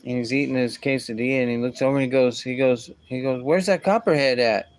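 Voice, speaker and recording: A man with a smooth, clear voice at an ordinary middle pitch tells a casual story. He rambles along, tossing in asides and restarting his sentences, as if chatting with a friend. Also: completely flat delivery, fast, darkish tone, no echo. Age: adult with a young son. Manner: rambling, full of asides like "whatever" and "boom".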